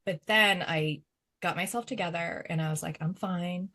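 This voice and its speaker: A woman's voice: lowish voice, moderate pace, bright, forceful tone. A woman medium on a podcast panel, chatting casually with lots of fillers and laughter. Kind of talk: casual chat.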